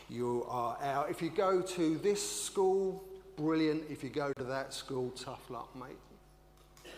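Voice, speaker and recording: An older man, an English minister, preaching a sermon with animated, rhetorical storytelling. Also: mid-range voice. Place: church. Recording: echoey church hall with hum.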